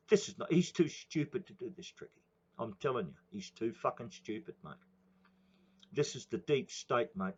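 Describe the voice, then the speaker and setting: Older man, Australian accent, rambling profane rant, medium pitch, dull lo-fi recording. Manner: profane, rambling, says "mate" constantly. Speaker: political commentator. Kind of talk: ranting monologue.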